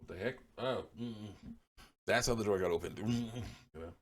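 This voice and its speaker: A man's voice: fairly low pitch, normal speed. A man reading comments aloud and answering them in blunt, dismissive retorts, chuckling often between remarks. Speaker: online commentator.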